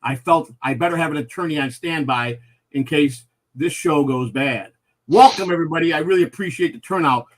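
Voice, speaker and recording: Here a man with a slightly high voice hosts a live comedy talk show at a fairly quick pace. His talk is casual and rambling, packed with fillers and restarts.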